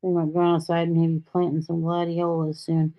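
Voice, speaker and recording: A woman's voice: fairly low pitch, completely flat delivery, brisk. A woman hosting a casual solo livestream from home, rambling freely with sarcastic asides. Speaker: livestream host. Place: home in Texas. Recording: dull lo-fi stream audio.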